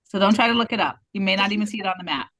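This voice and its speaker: Upbeat woman with a bright voice. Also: medium pitch, racing. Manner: upbeat, laughing, chatty. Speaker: podcast guest, HR executive. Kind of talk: casual chat.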